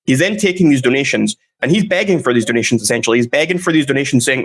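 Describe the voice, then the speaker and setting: A man's voice: mid-range voice, lively intonation, rapid-fire, slightly rough. A man talking through a story in casual chat, rambling with fillers and restarts. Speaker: commentary YouTuber.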